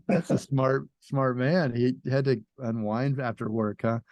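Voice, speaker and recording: A man's voice: medium pitch, slow pace, a little mellow, no room sound, highs cut off. A man hosting a talk show, asking questions with easy enthusiasm and curiosity. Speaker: podcast host. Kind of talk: casual interview chat.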